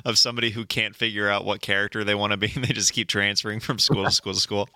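Young dude podcast host, chill and rambly, bright clean voice, dry sound. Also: male voice, on the low side, flat delivery, fast talker, no room sound. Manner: laid-back, filler-heavy, says dude a lot. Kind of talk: casual chat.

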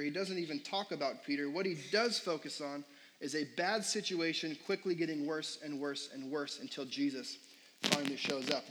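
A man's voice: a little high, a bit bright, rough recording. A young adult man preaching a sermon as pastor in a casual, conversational way, full of fillers and questions put to the congregation.

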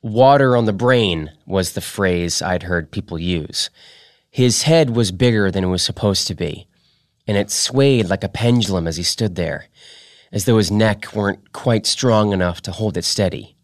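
A man hosting a podcast, reading fiction aloud in a steady, measured way. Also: sits low, dry recording, clean studio sound. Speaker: podcast host.

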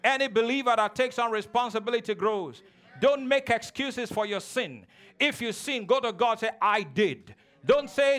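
A man with a strikingly high voice preaching a sermon in church. He calls on the congregation to answer back and slips into playful childish voices to make his points. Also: expressive, moderate pace, a bit bright. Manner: preaching with call-and-response, mimicking childish voices. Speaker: pastor.

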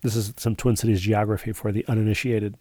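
A man's voice: on the low side, little pitch movement, quick pace, mellow, no echo, clean studio sound. A man co-hosting a podcast, reading listener emails aloud and wandering off into rambling asides in casual chat. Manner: rambling, digressive, full of asides. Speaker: podcast co-host.

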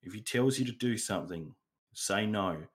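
Male co-host, deep-voiced, loose and rambling in casual chat. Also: moderate pace. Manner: rambling, goes off on tangents. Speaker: podcast co-host.

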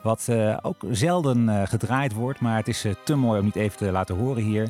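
A man presenting on the radio in a relaxed, chatty way, with frequent filler pauses. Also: on the low side, faint music behind. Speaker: radio host.

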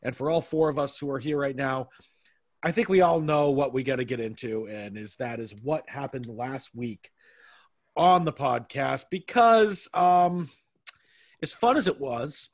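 A man's voice: medium pitch, a little slow. A man hosting a casual podcast chat, teasing his co-hosts with playful banter. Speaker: podcast host.

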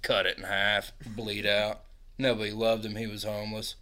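A man on a podcast improvising a crude comedy story in deliberately broken grammar, laughing along. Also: fairly low pitch, little pitch movement, sharp tone. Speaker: podcast co-host.

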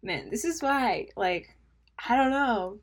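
Taking things slowly in a fairly high, animated voice, a young woman runs a casual solo podcast. She rambles and self-mocks, laughs at her own jokes and drops into mumbled asides along the way.

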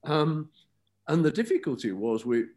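A man answering interview questions, reflective and halting with repeated words. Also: fairly high pitch, very animated, darkish tone. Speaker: interview guest.

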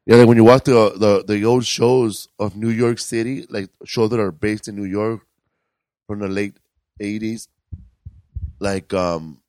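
A man's voice: lowish voice, steady tone, measured pace, darkish tone, no room sound. A man co-hosting a podcast, chatting loosely and rambling, with casual swearing. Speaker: podcast co-host. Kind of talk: casual chat.

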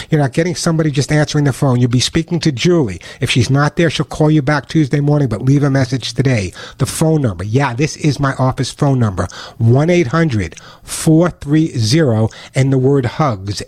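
A middle-aged man with a New York accent, hosting a call-in radio show with animated, chatty advice and ad reads. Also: mid-range voice. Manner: animated, fast-talking, chatty.

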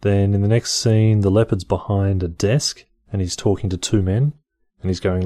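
Male host reading articles aloud with wry offhand jokes; deep, dark voice recorded dry and close. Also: fairly even intonation, normal speed, no room sound. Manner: dry, wry, mildly profane commentary. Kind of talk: casual reading with offhand comedic asides.

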